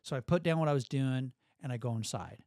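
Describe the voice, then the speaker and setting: A middle-aged man telling a story as a guest, in a dry studio, animated and laughing often as he acts out quotes. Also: medium pitch, quick pace, no echo. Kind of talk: storytelling in a podcast conversation.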